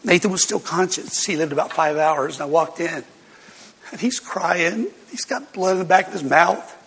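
A man's voice: a little high, moderate pace, gravelly, a bit bright, breathy edge, big-room sound. An older man, a pastor, telling a personal testimony to his congregation as an emotional storyteller who laughs between lines.

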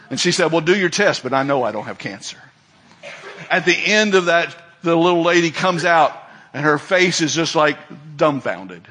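A man's voice: on the high side, expressive, normal speed, fairly bright tone. A middle-aged male preacher giving a folksy sermon, telling stories and acting out the people in them. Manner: folksy storytelling, acts out quoted voices, laughs often.

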